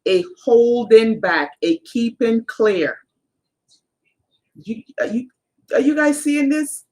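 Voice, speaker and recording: A woman's voice: fairly high pitch, expressive, slow, a little mellow. A woman co-hosting a live-streamed spiritual talk, explaining emphatically and speaking straight to the viewers. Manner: emphatic, addresses viewers directly. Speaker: co-host of a spiritual channel.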